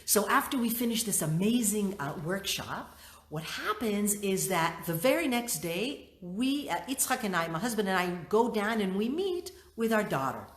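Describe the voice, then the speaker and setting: Animated middle-aged woman teaching in an echoey room. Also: mid-range voice, normal speed. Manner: expressive, acts out her own thoughts. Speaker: workshop leader. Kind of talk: teaching talk with personal story. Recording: roomy echo.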